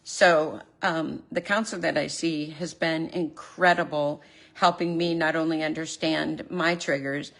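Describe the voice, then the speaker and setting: A woman's voice: sits low, fairly even intonation, measured pace, gravelly. A woman speaking earnestly and openly emotional in a personal confessional vlog, recorded at home in her living room. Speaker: vlogger.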